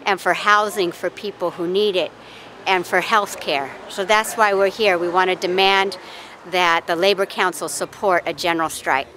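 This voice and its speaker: A woman's voice: fairly low pitch, steady tone, normal speed, sharp tone, a little hiss or hum, rough recording. A woman protester speaking earnestly in a street interview outdoors, stating her demands plainly.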